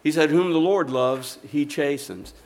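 A man's voice: on the high side, measured pace, darkish tone. An older man preaching a sermon, rising and falling in intensity and calling for amens. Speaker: pastor.

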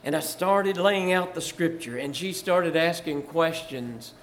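A man's voice: on the high side, unhurried, a little hiss or hum. An older man from Virginia, a pastor telling church stories in a folksy way, chuckling and rising to fervor. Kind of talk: storytelling testimony.

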